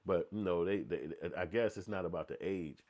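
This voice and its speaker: A man with a lowish voice runs through a blunt opinion rant, heavy with slang and cursing. He talks loosely and keeps slipping into other voices to act out what people said. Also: moderate pace, a little mellow. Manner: blunt, profane, slangy, acts out quotes in voices. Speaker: commentator.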